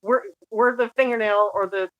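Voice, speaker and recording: A woman's voice: mid-range voice, fairly even intonation, normal speed, no echo, muffled recording. A woman guest in an interview who talks earnestly and searches for words as she goes. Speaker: guest author. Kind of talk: casual conversational interview.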